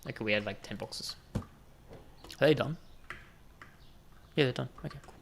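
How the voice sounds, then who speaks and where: A man gives relaxed gameplay commentary, trading jokey banter with customers on screen. His voice has a gravelly, creaky edge at an ordinary pitch. Clicks and cash-register sounds from the game are clearly heard behind him. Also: moderate pace, slight background noise. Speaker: gaming video host.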